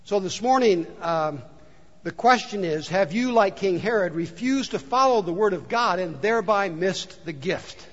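A man's voice: high voice, animated, moderate pace, fairly bright tone. A male pastor preaching a sermon in a church, talking with the congregation and asking them rhetorical questions. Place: church sanctuary. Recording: dull recording in a large reverberant hall.

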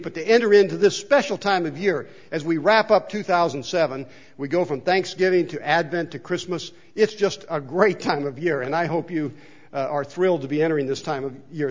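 A man's voice: fairly high pitch, muffled recording. A man preaching a sermon in a chapel, talking conversationally and asking the congregation questions. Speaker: pastor. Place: church chapel.

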